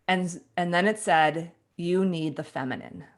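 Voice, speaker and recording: Laughing and animated, an author in her forties acts out her old thoughts while telling an interviewer a personal story. She takes her time, speaking in a lowish voice.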